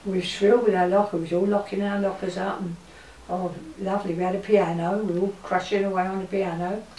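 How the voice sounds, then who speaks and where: An elderly English woman recalling her childhood in an interview, speaking in a gentle, halting way with many pauses. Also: mid-range voice, little pitch movement. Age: older. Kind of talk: reminiscing interview. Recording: roomy, distant mic with faint hiss.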